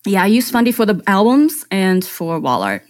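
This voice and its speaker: A woman's voice: medium pitch, big pitch swings, moderate pace, darkish tone. Enthusiastic woman photographer telling her process. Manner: enthusiastic step-by-step storytelling. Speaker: photographer guest. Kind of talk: conversational interview.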